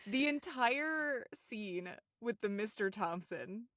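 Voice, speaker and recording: A woman co-hosting a podcast, chatting casually about a cartoon episode, giggling often and quoting lines in quick voices. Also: mid-range voice, lively intonation, fairly bright tone, no echo, clean studio sound. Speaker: podcast co-host.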